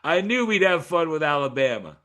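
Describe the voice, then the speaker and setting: Animated, swearing middle-aged male host. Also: fairly high pitch, fairly quick. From York, Pennsylvania. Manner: animated storyteller, swears casually. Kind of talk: casual interview chat.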